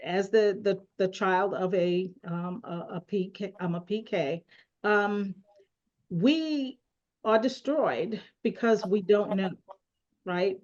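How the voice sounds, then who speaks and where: Woman moderator on a video call, slow and deliberate, keeps saying right?, dull lo-fi sound. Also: mid-range voice, darkish tone. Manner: deliberate, rhetorical "right?" tags. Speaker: panel moderator. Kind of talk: moderating a panel discussion.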